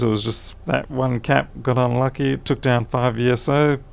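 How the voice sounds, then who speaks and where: A man's voice: mid-range voice, darkish tone. A tired man chatting casually on a live stream, thinking aloud as he repairs a laptop, his voice fading. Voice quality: gravelly.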